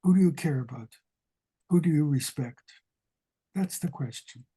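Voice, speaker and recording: An older man, a guest rabbi, teaching a psalm over a video call, asking rhetorical questions in an unhurried way. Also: fairly high pitch, mellow, husky, poor audio. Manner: asks many rhetorical questions, unhurried with pauses. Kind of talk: slow, questioning lesson on a psalm.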